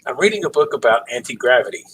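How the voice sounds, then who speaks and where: A man's voice: medium pitch, expressive, racing, fairly bright tone, husky, low-quality recording. A man hosting a casual livestream, reading out dad jokes and cracking himself up with laughter. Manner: giggly, breaks into laughter at own jokes. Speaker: livestream host.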